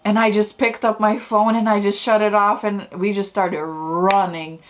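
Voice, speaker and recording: A young woman vlogger chatting to camera, telling personal stories in a casual, excitable way full of fillers. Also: mid-range voice, moderate pace, a little hiss or hum. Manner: chatty, many "like"s and "oh my God"s. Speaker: YouTube vlogger.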